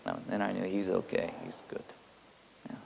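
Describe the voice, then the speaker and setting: A man giving a spiritual teaching, halting with many fillers and quietly intense. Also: low-pitched, level tone, gravelly, slight background noise. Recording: long hall reverb.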